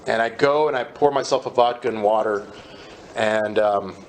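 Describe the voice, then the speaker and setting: A man candidly telling his personal recovery story in a conversational, halting way at a meeting. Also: fairly low pitch, slight background noise.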